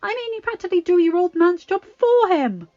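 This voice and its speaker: Lady doing an earnest young guy, high and worried, dull lo-fi sound. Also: expressive, normal speed, a little mellow. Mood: pleading. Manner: rising pitch, emphatic. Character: earnest young man, anxious, caring friend. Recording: dull lo-fi recording.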